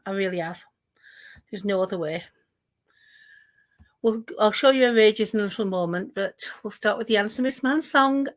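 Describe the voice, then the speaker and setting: A woman's voice: medium pitch, gravelly. A woman hosting a reaction commentary video, mocking and taunting the people she talks about. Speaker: commentary channel host.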